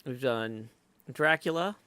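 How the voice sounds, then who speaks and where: A man's voice: mid-range voice, animated, takes it slowly, bright, forceful tone, clean tone, dry recording. A man live streaming while he plays, chatting casually and thinking aloud with lots of fillers, and greeting viewers in the chat.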